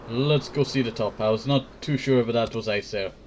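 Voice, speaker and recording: A man's voice: mid-range voice, fairly quick, darkish tone, a little hiss or hum. A sick man with a cough, rambling casually while commenting on his own gameplay. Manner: rambling, keeps saying "I tell you". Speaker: gameplay video host.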